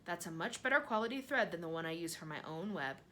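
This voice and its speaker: A woman voicing a gracious, gentle female spider in a storybook. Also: lowish voice, lively intonation, fast, a little hiss or hum.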